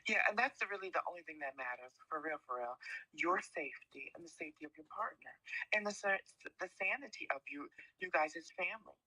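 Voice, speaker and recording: A woman calling in, speaking emphatically and passionately with dramatic swings in pitch. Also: very animated, fast, bright, forceful tone, dry recording, rough recording. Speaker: caller. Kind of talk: call-in conversation.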